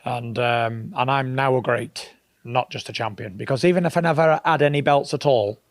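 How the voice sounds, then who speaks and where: A man's voice: mid-range voice, normal speed. A professional boxer speaking bluntly and emphatically in a recorded interview, repeating his points to drive them home.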